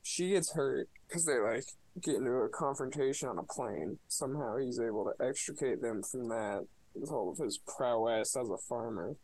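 A man's voice: mid-range voice, normal speed, few pauses, darkish tone, no room sound, rough recording. Sarcastic, profane man ranting about a movie. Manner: sarcastic, profane, mocking retelling. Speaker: podcast co-host. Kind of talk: casual movie review chat.

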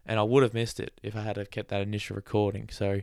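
A man's voice: fairly low pitch, flat delivery, quick pace, creaky, darkish tone, clean tone, no echo, clean studio sound. A man hosting a casual solo podcast, rambling and chatty, with sarcastic asides and laughs at his own jokes. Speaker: podcast host.

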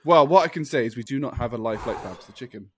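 A man's voice: mid-range voice, fast talker, husky, dry recording, studio quality. A man co-hosting a podcast, chatting playfully and laughing often. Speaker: podcast co-host. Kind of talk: casual chat.

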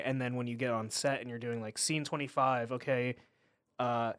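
A man co-hosting a podcast in casual chat, who acts out quotes in quick character voices. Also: medium pitch, steady tone, fairly bright tone, clean tone, no room sound, clean studio sound. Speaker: podcast co-host.

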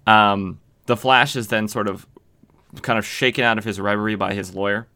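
A man's voice: on the low side, fairly even intonation, moderate pace, bright, forceful tone. A man hosting a podcast, casually recapping a comic book with lots of fillers and self-corrections. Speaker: podcast host.

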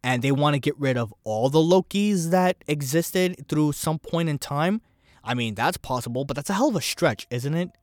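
A man hosting his own solo podcast, rambling and animated as he thinks aloud about a show. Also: a little high, moderate pace, no echo, clean studio sound. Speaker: podcast host. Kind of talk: casual solo podcast commentary.

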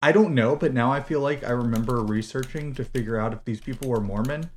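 A woman's voice: very deep voice, quick pace. Sarcastic, swearing woman podcaster. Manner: sarcastic, profane, incredulous. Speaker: podcast co-host. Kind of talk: casual book-critique chat.

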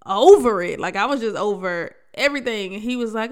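A woman's voice: on the high side, a little fast. A young adult woman hosting a solo podcast, talking candidly in a slangy, conversational way with frequent restarts. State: congested. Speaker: podcast host. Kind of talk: casual solo podcast talk.

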